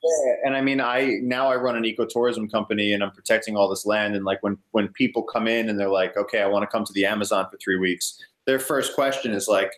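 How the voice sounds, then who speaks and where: A young man casually telling a story in an interview, rambling and relaxed, with many "like" fillers. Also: fairly low pitch, quick pace, few pauses. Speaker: guest, ecotourism company owner.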